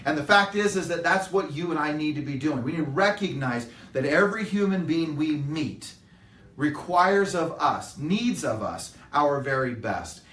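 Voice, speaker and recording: This middle-aged motivational speaker talks to a live audience in a meeting room at normal speed, his slightly high, fairly bright voice full of lively intonation. Earnest and emphatic, he acts out the voices he quotes, heard through a distant mic in an echoey room.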